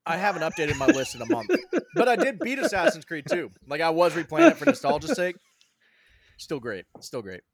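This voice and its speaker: Quick, lively podcast guy. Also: high-pitched, a loud crowd. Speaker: podcast co-host. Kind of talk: casual gaming podcast chat.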